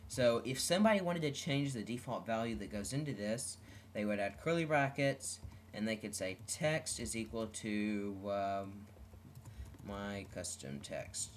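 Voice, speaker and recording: A man's voice: fairly low pitch, slight background noise. A man giving an unscripted coding tutorial who talks through each step with frequent ums and self-corrections. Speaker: web development tutorial host. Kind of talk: screen-recorded coding tutorial.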